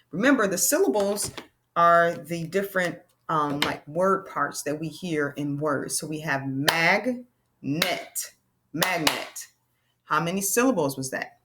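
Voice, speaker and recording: A woman with a fairly low voice leads a children's reading lesson. She is lively and playful, and she slows right down to stress the key words for young learners. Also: background noise. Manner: animated, playful, speaks slowly on key words. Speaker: teacher.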